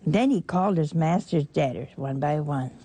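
A woman's voice: low-pitched, animated, moderate pace, warm tone. A woman preaching a folksy sermon, teasing her listeners and acting out the people in a parable.

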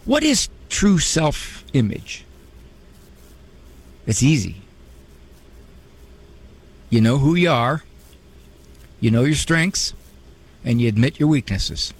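A man's voice: medium pitch, big pitch swings, takes it slowly, pauses often, breathy edge. A man hosting a radio advice talk show, conversational and humorous with a preachy bent.

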